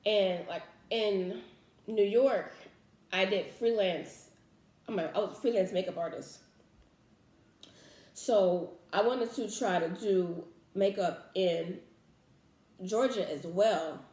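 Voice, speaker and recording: A woman's voice: mid-range voice, slow pace, pauses often, darkish tone, echoey room. Earnest young woman telling a faith story. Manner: earnest, emotional, many fillers and restarts. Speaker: vlogger. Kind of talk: casual personal storytelling.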